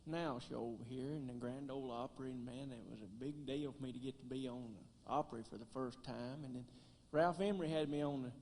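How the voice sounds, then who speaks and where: A man with a thick West Tennessee drawl, telling homespun jokes and stories on stage with a deadpan delivery. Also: mid-range voice, brisk, a little hiss or hum. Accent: West Tennessee Southern drawl. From Gleason, Tennessee. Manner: homespun, deadpan one-liners. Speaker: banjo player and comedian. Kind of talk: folksy stand-up storytelling on stage. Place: concert stage.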